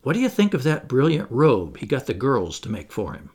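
A man reading the part of a thoughtful young clergyman in a play, measured and guarded. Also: medium pitch, wildly swooping pitch, darkish tone, breathy edge, exaggerated voice.

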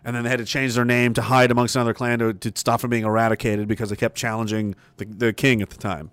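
A man ranting profanely on a casual livestream, reading out viewer comments and swinging from loud emphasis to mutters. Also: medium pitch, flat delivery, quick pace, few pauses, smooth, no echo. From Canada.

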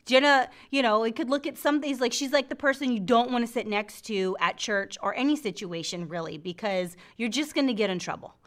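A woman's voice: on the high side, fairly quick, hardly any pauses. A middle-aged woman hosting a faith show, teaching from the Bible with lots of laughter and acted-out voices. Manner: laughs often, acts out scripture voices. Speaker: faith podcast host.

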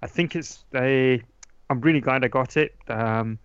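A man's voice: mid-range voice, unhurried, a bit bright, smooth, no room sound. A man chatting casually about board games, rambling with lots of ums and restarts. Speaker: podcast guest talking board games. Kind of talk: casual chat. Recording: dull lo-fi dry sound.

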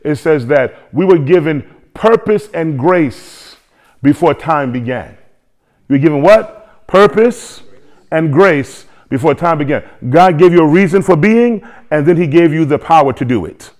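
A man preaching a sermon to a congregation, lively, with joking asides and repeated phrases. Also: on the high side, measured pace. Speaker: pastor.

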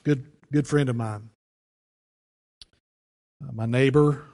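A man's voice: mid-range voice, steady tone, slow pace, creaky, mellow. Male pastor chatting through a sermon story, folksy, big church reverb. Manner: folksy, conversational, many restarts. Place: church sanctuary.

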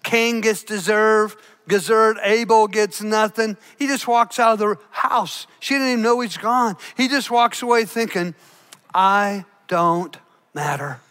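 A man preaching a sermon, swinging from hushed, soft passages to loud, shouted peaks. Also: high voice, steady tone, unhurried. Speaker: pastor.

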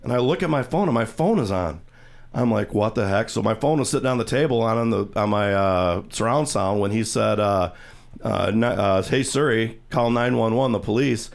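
Rambling male radio host, low voice. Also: moderate pace, gravelly. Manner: rambling storyteller, acts out quoted voices. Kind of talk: casual studio chat, retelling a TV scene. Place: radio studio. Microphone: studio microphone.

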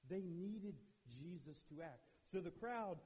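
A man preaching a youth sermon in an animated way, acting out the people he quotes, with a husky voice. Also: high-pitched, measured pace. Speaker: youth pastor. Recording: long hall reverb.

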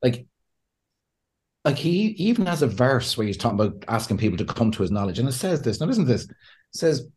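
A man's voice: medium pitch, big pitch swings, normal speed, darkish tone. A man with an Irish accent, a pastor and counselor speaking as a podcast guest in a laid-back, sincere way, acting out the voices of the people he quotes. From Ireland. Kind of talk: conversational interview.

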